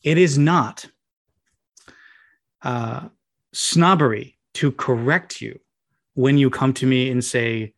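A man's voice: mid-range voice, slow pace, long pauses. A man on an emphatic, sardonic rant, his exasperation spilling into casual podcast talk. He hits his points hard and dryly.

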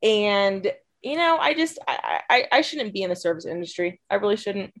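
A woman's voice: mid-range voice, sing-song, normal speed, fairly bright tone. A woman in casual chat, self-deprecating and laughing, often trailing off. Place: lives in a mountain ski town.

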